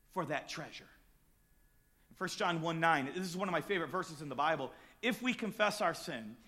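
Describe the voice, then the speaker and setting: A man preaching a sermon, moving between quiet, close talk and sudden loud, emphatic shouts. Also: very high-pitched.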